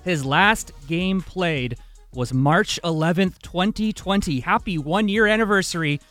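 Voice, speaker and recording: A man's voice: sits high, measured pace, fairly bright tone, soft background music. A man co-hosting a sports talk show, casual and teasing, pushing back on his co-hosts. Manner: teasing, pushes back on the others. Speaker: sports radio co-host.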